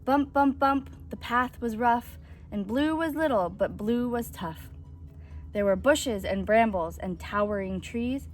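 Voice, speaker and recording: A woman reading a children's picture book aloud in a gentle, rhythmic way. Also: fairly high pitch, a little slow, soft background music.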